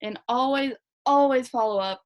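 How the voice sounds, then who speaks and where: A young woman team leader giving a fast, chatty, energetic motivational talk to her team. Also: sits high. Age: young adult. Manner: fast, chatty, energetic, lots of "like" and "you guys". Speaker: direct sales team leader.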